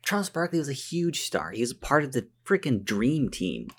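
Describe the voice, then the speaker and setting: A man's voice: medium pitch, big pitch swings, moderate pace, breathy edge. A man co-hosting a podcast, chatting casually and restarting his sentences often. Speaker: podcast co-host. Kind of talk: casual chat.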